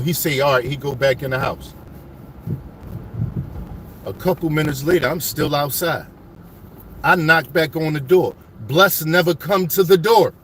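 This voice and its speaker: A man telling his life story to viewers as he drives around his old city neighborhood, animated and full of street slang. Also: fairly high pitch, a little hiss or hum.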